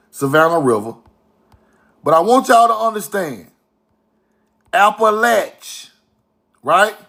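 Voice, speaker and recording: A man's voice: high-pitched, creaky, sharp tone. A man with talking casually to his viewers, emphatic and repetitive, often checking "right?" with them. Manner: emphatic, repetitive, asks viewers rhetorical questions. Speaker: online history commentator. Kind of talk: casual video commentary to viewers.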